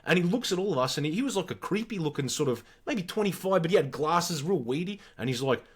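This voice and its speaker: A man's voice: fairly high pitch, lively intonation, quick pace, breathy edge. A man in his forties with an Australian accent, co-hosting a podcast and telling stories animatedly with plenty of swearing. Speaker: podcast co-host. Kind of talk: casual storytelling chat.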